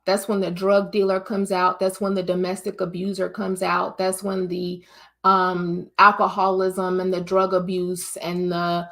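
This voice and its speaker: A woman's voice: lowish voice, completely flat delivery, measured pace, vocal fry, a bit bright. A woman from the United States hosting a vlog, giving a casual opinion monologue straight to her viewers in an emphatic, preachy way. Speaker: vlog host.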